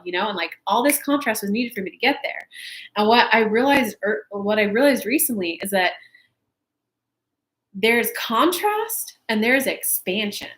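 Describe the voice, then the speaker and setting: A woman in her thirties hosting a casual live chat for her viewers, telling stories in an animated way with swearing and laughter. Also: mid-range voice, moderate pace. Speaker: spiritual coach and channel host. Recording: echoey room.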